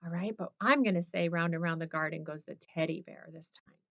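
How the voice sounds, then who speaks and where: A woman's voice: on the low side, fairly quick, creaky, no echo. A woman teacher leading children through a morning routine in an encouraging, sing-song, playful way. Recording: slightly dull lo-fi recording.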